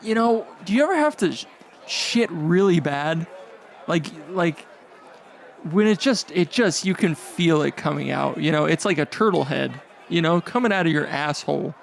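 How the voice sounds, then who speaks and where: A man doing a rambling, crude stand-up comedy set on a club stage, halting with fillers and restarts. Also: a little high, expressive, creaky, a little hiss or hum.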